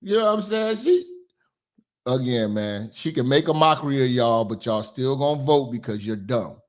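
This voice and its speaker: A man giving loud, profane reaction commentary that keeps bursting into shouts. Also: mid-range voice, lively intonation, normal speed.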